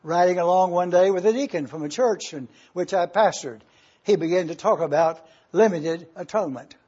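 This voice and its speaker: A man preaching a sermon as pastor, emphatic, swelling loud on key phrases and dropping soft and low. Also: moderate pace, slightly rough, muffled recording.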